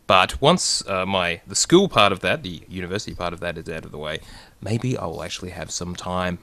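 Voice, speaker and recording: Lively low-voiced podcast man. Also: a little fast, gravelly. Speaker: podcast co-host. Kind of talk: casual chat.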